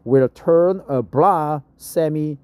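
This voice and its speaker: A man's voice: fairly high pitch, slow, a little mellow, smooth, no echo. A middle-aged man with a Korean accent, a native Korean speaker reading English text aloud for practice, repeating phrases and correcting his own pronunciation.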